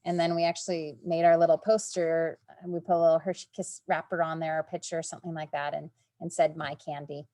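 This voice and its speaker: First grade teacher lady, kinda low voice, walks through rules step by step on a call. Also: flat delivery, fast talker, few pauses, warm tone. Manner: explains step by step with fillers. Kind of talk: presenting in an online meeting.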